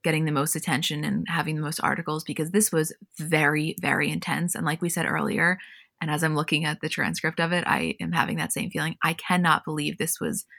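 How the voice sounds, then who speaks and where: A woman co-hosting a podcast, recapping a reality show in casual chat and retelling scenes with animated storytelling. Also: low-pitched, fairly quick, gravelly, no echo, clean studio sound. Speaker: podcast co-host.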